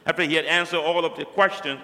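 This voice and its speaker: A man's voice: fairly high pitch, fairly even intonation, fast talker, bright, forceful tone, big-room sound. A man preaching a sermon, emphatic and fond of repeating key phrases for stress.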